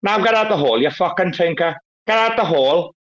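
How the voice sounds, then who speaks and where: A man doing an impression of a gruff, menacing gangster boss who swears and threatens in clipped lines. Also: high voice, lively intonation, a little fast, fairly bright tone, lo-fi sound, voice pushed up.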